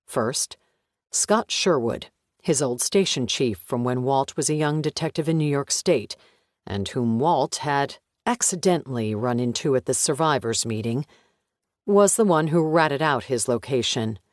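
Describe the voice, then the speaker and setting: A man reading a thriller audiobook in an even, measured narration. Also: mid-range voice, no echo, studio quality. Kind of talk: scripted narration.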